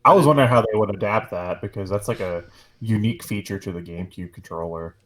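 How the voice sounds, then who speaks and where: A man co-hosting a gaming podcast in casual chat, animated and swearing, talking in rambling runs with many fillers. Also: lowish voice, fast. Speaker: podcast co-host.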